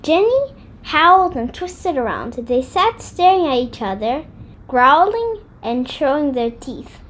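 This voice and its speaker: Storybook reader, woman: high, lively pitch, unhurried pacing. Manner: expressive, deliberate read-aloud. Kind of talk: reading a children's book aloud.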